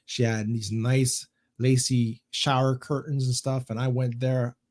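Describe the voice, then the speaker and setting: A man hosting a casual online talk show, swearing freely as he tells his stories. He talks in an animated, rambling way and repeats his words. His voice sits at a middle pitch. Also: a little slow. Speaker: podcast host. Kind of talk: casual chat.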